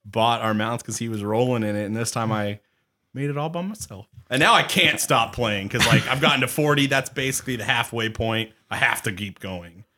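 A man's voice: medium pitch, a little fast, sharp tone. Easygoing man in casual chat. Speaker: podcast co-host.

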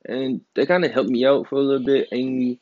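A man's voice: mid-range voice, flat delivery, brisk, a little mellow, dry recording, dull audio. A man in his twenties talking casually and loosely in a solo podcast, rambling, slangy and emphatic. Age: 20s. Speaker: podcast host.

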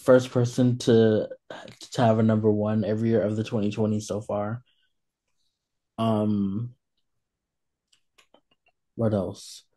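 A man with a low, dark, mellow voice co-hosts a casual podcast. He talks in a relaxed, unhurried way, dropping frequent ums as he moves from point to point. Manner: relaxed, hesitant with many fillers. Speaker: podcast co-host. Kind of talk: casual chat.

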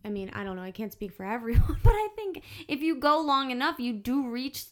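A woman hosting a podcast in casual conversation, candid and animated, swearing freely and acting out her own inner voice. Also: high voice, brisk. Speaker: podcast host.

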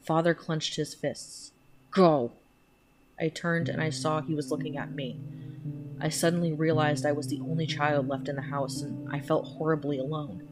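A woman narrating a horror story in a slow, hushed, measured reading, with music playing underneath. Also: deep voice, flat delivery. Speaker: podcast storyteller.

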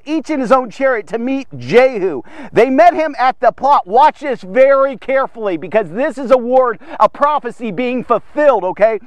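High-voiced emphatic male preacher. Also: dry recording. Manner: emphatic storyteller, keeps asking okay. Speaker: devotional podcast preacher. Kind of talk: sermon-style Bible devotional.

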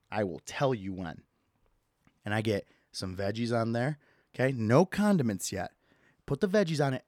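A man's voice: mid-range voice, dry recording. A young adult man hosting a solo comedy podcast, ranting with mock disgust and plenty of swearing into a close mic. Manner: animated, profane, mock-disgusted. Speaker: podcast host.

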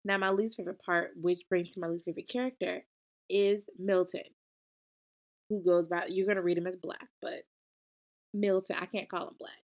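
A young woman, giving a casual book review, expressive and animated, talking back to the book as she goes. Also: fairly low pitch, normal speed.

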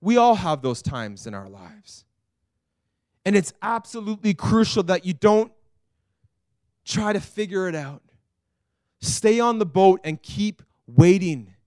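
A man preaching a sermon as pastor, earnest, dropping to a hush and rising to loud pleading. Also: high-pitched, no room sound, clean studio sound. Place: church.

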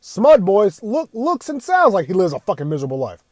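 A young man with a high voice delivers a profane, exasperated rant about gaming. The sound is dry and close, with no room around it. He swears constantly and keeps circling back to his complaints. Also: huge pitch swings, fairly quick, a little mellow, no echo. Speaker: gaming commentator. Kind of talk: ranting commentary.

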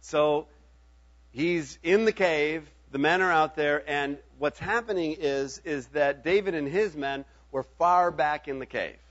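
A man's voice: a little high, measured pace, fairly bright tone, dull audio. A middle-aged man preaching a sermon in a conversational way, often checking in with his listeners. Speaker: pastor.

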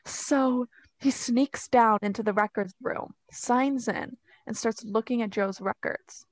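Young woman yapping thru a story, lots of like and you know, kinda high voice, dry close mic. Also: takes it slowly, no echo. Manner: chatty, heavy use of "like" and "you know". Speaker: podcast co-host. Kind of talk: casual storytelling chat.

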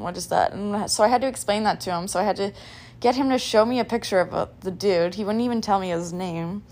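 A young woman hosting a casual podcast, rambling in a scattered, chatty way with lots of "like" and "um". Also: medium pitch. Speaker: podcast host.

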